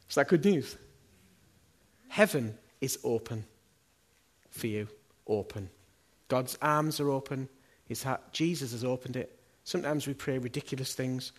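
Man, middle-aged, pastor giving a sermon, earnest conversational preaching, rhetorical questions, slightly husky voice. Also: medium pitch, moderate pace.

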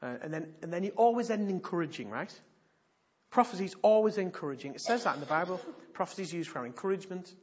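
A man's voice: sits high, quick pace, slight background noise. A man preaching in church, a pastor telling stories animatedly and repeating points for emphasis. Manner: animated storytelling, emphatic repetition. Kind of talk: sermon teaching. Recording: dull lo-fi recording.

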